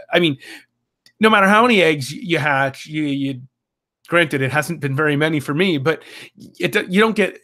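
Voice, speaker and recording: A man's voice: a little high, a bit bright. A man co-hosting a podcast in casual chat, talking hesitantly with many restarts and fillers. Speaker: podcast co-host.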